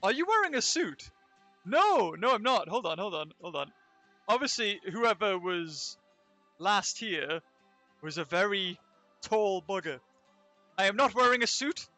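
A man's voice: high voice, animated, measured pace, long pauses, pushed and bright, dry recording, faint music behind. A young man streaming a game from a convention, rambling and joking with viewers. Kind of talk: casual live-stream chat. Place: convention venue.

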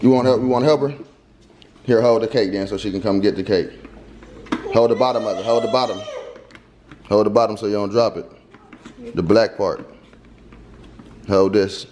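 A man's voice: fairly low pitch, steady tone, normal speed, pauses often, a little mellow, a little hiss or hum. A young man vlogging at home, playfully coaxing his baby to walk while chatting to viewers. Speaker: vlogger parent. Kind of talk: casual family vlog. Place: family home.

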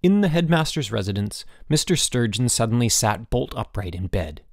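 A man reading a children's novel aloud as an audiobook narrator, steady and clear. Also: medium pitch, normal speed, no echo. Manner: steady storytelling with voiced dialogue. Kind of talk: scripted narration.

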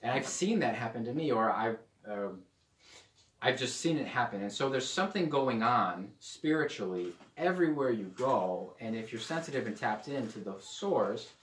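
A man gives a casual teaching sermon, joking and chatty, now and then trying on playful accents. His voice sits at an ordinary middle pitch. The mic is set back from him, and the room adds a noticeable echo. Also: expressive, normal speed. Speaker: preacher. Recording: echoey room, mic at a distance.

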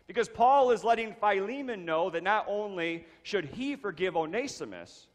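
A man preaching a sermon, reading scripture and then explaining it with emphatic repetition of key phrases. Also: on the high side. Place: church sanctuary. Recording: long reverb of a church hall.

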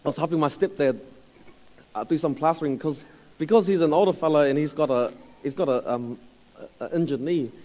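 A man's voice: fairly high pitch, mellow, poor audio. Casual New Zealand man preaching. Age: 30s. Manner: casual, halting, with fillers and laughs. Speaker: church speaker. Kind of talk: storytelling sermon.

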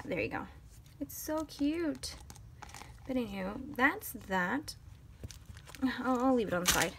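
A woman's voice: fairly high pitch, slight background noise. A woman chatting to her viewers as she unboxes planner supplies, gushing over each item as she handles it. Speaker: planner vlogger. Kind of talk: casual unboxing haul.

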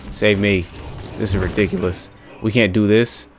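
Low-voiced man ranting over gameplay. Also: steady tone, unhurried, faint music behind. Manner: exasperated, ranting, muttering to himself; casual slangy talk. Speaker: gaming channel host. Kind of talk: let's play commentary.

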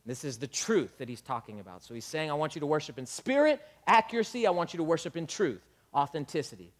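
A man preaching a sermon as pastor, animated, acting out dialogue and building up to shouts. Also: on the high side, fast talker.

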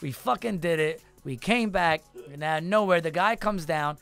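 A man in his thirties, a rapper guest, telling a long story in a lively, profane way and acting out the people in it. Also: a little high, normal speed, vocal fry, smooth, soft background music. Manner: animated, profane, acts out voices in his story. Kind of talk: casual storytelling.

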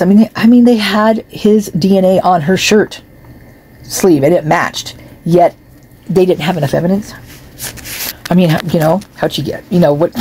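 A woman's voice: lowish voice, mellow, slight background noise. A woman talking casually into her phone at home, reading out comments and reacting with disgust. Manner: chatty, reacts with disgust and laughs, talks to her cat. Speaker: true crime commentator. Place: home, seated in a chair.

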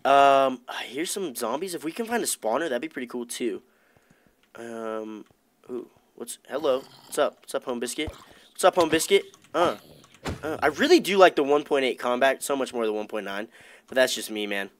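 A young man commentating his own Minecraft let's play as its gaming host, excitable and chatty with his viewers. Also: mid-range voice, normal speed. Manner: hyped, excitable, talks to viewers as dudes. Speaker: gaming YouTuber.

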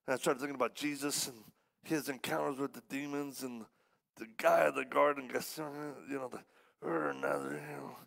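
A man preaching as a guest, telling a story in a lively way and acting out the voices of the people in it. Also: medium pitch, moderate pace, vocal fry. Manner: animated, acts out quoted voices. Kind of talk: storytelling sermon.

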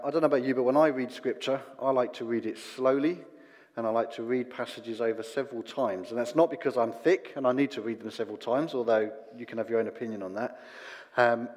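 A man's voice: mid-range voice, darkish tone. Conversational man preaching in a reverberant church. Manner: conversational, self-deprecating, with fillers. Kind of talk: sermon. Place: church hall.

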